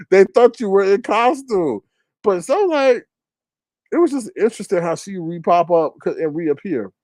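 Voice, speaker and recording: A man in a casual livestream, giving animated, slangy commentary and often mimicking others in high voices. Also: unhurried, pauses often, no room sound.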